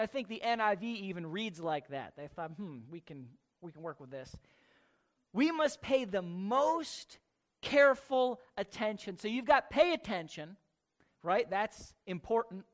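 A preacher giving a sermon, repeating key phrases with emphasis and asking rhetorical questions, moving between slow stressed words and quick asides. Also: medium pitch, a bit bright.

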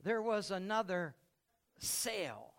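A middle-aged male pastor delivering a lively sermon in a high, bright voice. He tells stories with big swings, bursting out loud one moment and dropping to quiet reflection the next. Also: slow pace.

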